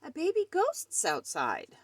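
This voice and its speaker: A woman's voice: lowish voice, sing-song, takes it slowly, no room sound, exaggerated voice. A woman playing a bossy, knowing house cat. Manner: one-word commands.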